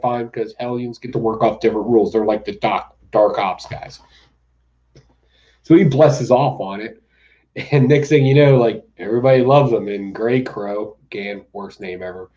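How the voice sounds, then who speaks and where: This lo-fi recording features a man with a mellow, somewhat low voice hosting a comic book podcast. He chats casually about comics, tossing in sarcastic asides and laughing often.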